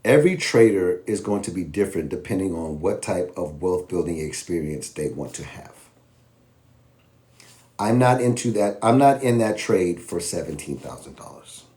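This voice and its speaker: A man casually teaching trading, animated and slangy, acting out both sides of an argument with himself. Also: low-pitched, moderate pace. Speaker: trading educator.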